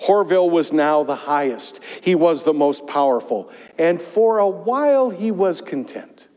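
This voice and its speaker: High-voiced pastor in an echoing church. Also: male voice, a little slow. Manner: storytelling with lively emphasis. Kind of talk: sermon. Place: church sanctuary. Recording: long church reverb.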